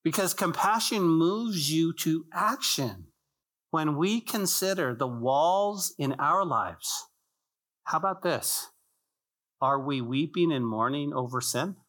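A male pastor gives an emphatic, repetitive sermon in church, with rhetorical questions and joking, conversational asides to those gathered. His voice is a little high, expressive, a bit bright, and slow.

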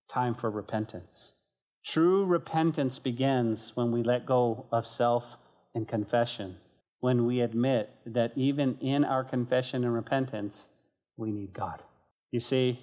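Man, pastor, sermon, animated delivery, acted-out prayers, near-whisper drops. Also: medium pitch.

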